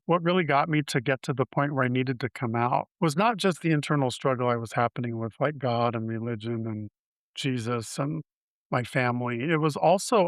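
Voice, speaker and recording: Smooth-voiced man in his fifties. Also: medium pitch, no echo. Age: 50s. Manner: candid, halting, with frequent restarts. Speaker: interview guest. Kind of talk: personal storytelling in an interview.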